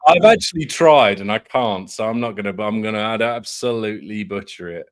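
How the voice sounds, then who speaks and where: A man's voice: fairly low pitch, a little fast. A man hosting a casual football chat, rambling and hesitant, often laughing along. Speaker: host.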